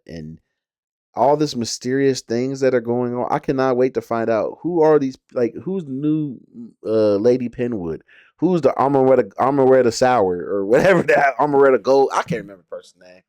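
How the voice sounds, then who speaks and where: A man's voice: mid-range voice, darkish tone, no echo. A man talking casually about a show he watched, rambling with many fillers and restarts. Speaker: show reviewer. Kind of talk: casual reaction talk.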